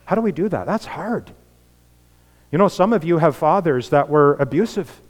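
A man preaching a sermon as pastor, earnest, building to emphatic peaks and dropping to soft, quiet lines. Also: on the high side, animated, moderate pace. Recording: long reverb of a large hall.

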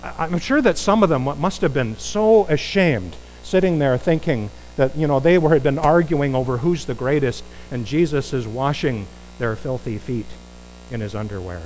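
A man preaching a conversational sermon, animated and putting rhetorical questions to his listeners. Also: mid-range voice, normal speed, a little hiss or hum, poor audio.

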